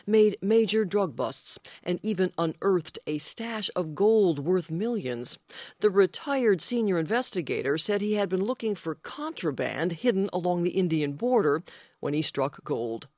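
A woman reporter narrating a radio news story in a measured voice. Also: on the low side, animated, darkish tone, no echo, studio quality.

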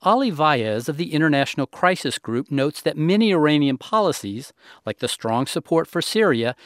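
A male national security correspondent reading a scripted news report in a measured, emphatic way. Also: fairly high pitch, animated, dry recording, studio quality.

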